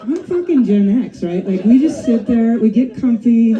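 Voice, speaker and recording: A woman's voice: on the high side, expressive, moderate pace, mellow, dull audio, some chatter behind. A middle-aged woman doing her first stand-up comedy set, chatty and profane, often tagging lines with "right?" and "you know". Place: comedy club stage. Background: audience laughing and cheering.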